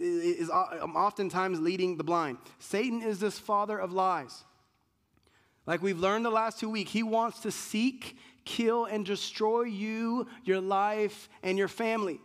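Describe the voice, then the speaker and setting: A man preaching a sermon with a fairly high voice. He speaks conversationally, stumbling and restarting as he goes, and slips into quick impressions of what people say. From United States. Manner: conversational preaching with many restarts and acted-out quotes. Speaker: pastor.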